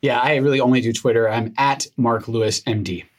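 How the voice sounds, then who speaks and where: Scottish man, husky voice, wry, podcast co-host. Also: mid-range voice, steady tone, brisk. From Scotland. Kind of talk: casual chat.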